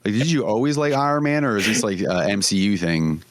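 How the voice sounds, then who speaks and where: A man's voice: lowish voice, expressive, brisk, no room sound. A man co-hosting a comedy podcast, chatting casually and laughing often at his own jokes. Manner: joking, laughs often, trails off and restarts. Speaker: podcast co-host.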